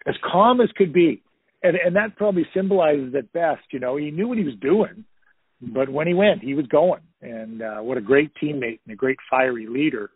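A man's voice: medium pitch, moderate pace, husky, no echo. A man in his fifties, a former hockey player, telling stories in an interview, rambling with lots of fillers over a phone line. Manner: rambling, many "you know" fillers, anecdotal. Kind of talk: casual storytelling interview.

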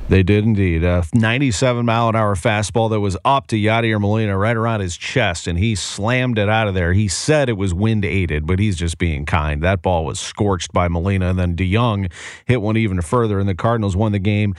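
A male sports radio host runs through scores and game schedules with brisk enthusiasm. His voice sits a little low and sounds close and dry on a studio mic. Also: no room sound. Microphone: studio microphone.

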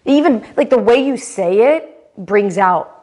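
A woman's voice: medium pitch, expressive, measured pace, a little mellow. A woman co-hosting a podcast in casual chat, frank and teasing. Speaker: podcast co-host.

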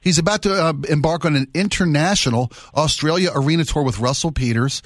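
A man's voice: on the high side, a little fast, dry recording. Radio host guy in the studio, chummy and full of praise, dead dry sound. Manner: effusive, matey, with lots of praise. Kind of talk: interview.

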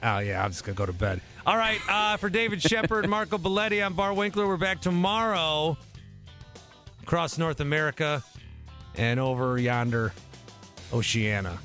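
A man hosting a sports talk radio show from a studio, chatty and quick to laugh, often restarting his sentences. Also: on the high side, lively intonation, sharp tone, faint music behind. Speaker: radio host. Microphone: studio microphone.

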